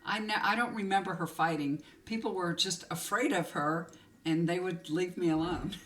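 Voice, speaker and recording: A woman's voice: fairly low pitch, moderate pace, a bit bright. A woman tarot reader telling a personal story to camera in a confiding, emotional way, rambling with many fillers, close to tears. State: tearful.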